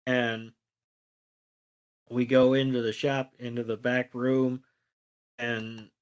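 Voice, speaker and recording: A man's voice: medium pitch, level tone, takes it slowly, clear, resonant tone. A man co-hosting a podcast, recapping an episode loosely with plenty of fillers. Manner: rambling, loose delivery with many fillers. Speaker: podcast co-host.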